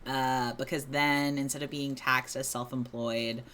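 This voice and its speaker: A woman's voice: rumbling low, flat delivery, measured pace, fairly bright tone, slight background noise. A woman co-hosting a casual livestream, chatty and self-deprecating, often breaking into giggles. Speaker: livestream co-host.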